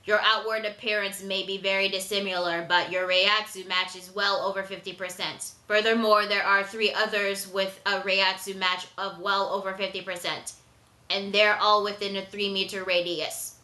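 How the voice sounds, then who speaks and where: A woman's voice: medium pitch, flat delivery, moderate pace, pushed and bright, echoey room, voice pushed down, close to an everyday voice, low-quality recording. A woman voicing a cold, menacing male android villain with a stiff, mechanical delivery. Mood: cold, threatening.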